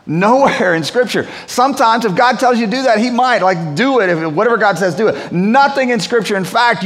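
A man's voice: on the high side, fairly bright tone. A pastor preaching a sermon to his church in a conversational, storytelling manner. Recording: long hall reverb.

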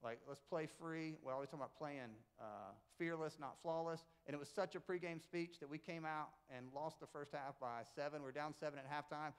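A man's voice: on the high side, a little fast, hardly any pauses, smooth. A middle-aged man, a pastor who also coaches basketball, preaching a conversational sermon and telling stories with emphatic, joking asides. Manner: animated storyteller, emphatic, jokey asides. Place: church sanctuary with congregation.

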